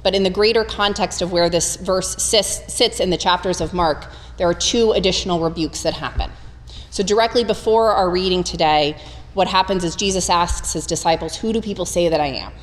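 Woman preaching a lively, humorous sermon. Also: lowish voice, moderate pace, in a large hall. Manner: conversational, humorous, animated storytelling.

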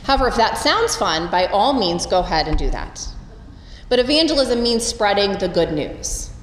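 Female preacher, expressive storyteller, church reverb, faint room hum. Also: moderate pace. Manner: expressive, storytelling, lively pitch swings. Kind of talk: Easter sermon. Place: church sanctuary. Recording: roomy church with long reverb.

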